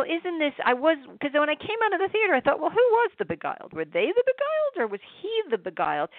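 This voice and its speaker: A woman giving a chatty, animated film review, restarting her sentences often. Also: mid-range voice, dry recording. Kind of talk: casual spoken film review. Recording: dry, tinny phone-like sound.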